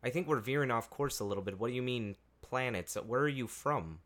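A man's voice: mid-range voice, fairly quick, fairly bright tone, lightly acted. A man playing a friendly, folksy rural man with a Canadian accent in an improvised comedy podcast skit, talking with a hospitable drawl.

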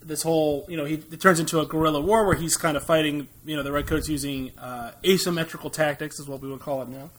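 American guy cohosting a nerd podcast, kinda high voice, rambles and laughs a lot. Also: fairly even intonation, fast talker, few pauses. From United States. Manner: rambling, laughs often, jokey asides. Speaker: podcast co-host. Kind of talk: casual movie chat.

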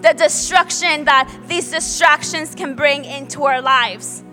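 A young adult woman pastor giving a lively sermon to her church, praying aloud and telling stories. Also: sits high, a little slow. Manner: lively storytelling, prays aloud. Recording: long hall reverb, faint music.

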